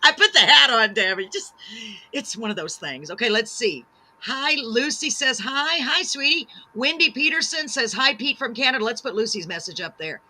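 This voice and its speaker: A woman hosts a live-streamed chat show, bubbly and effusive as she reads out comments. Her voice is very bright and sharp, and she pokes fun at herself. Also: a little high, animated, normal speed. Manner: bubbly, gushing, self-deprecating. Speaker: talk show host.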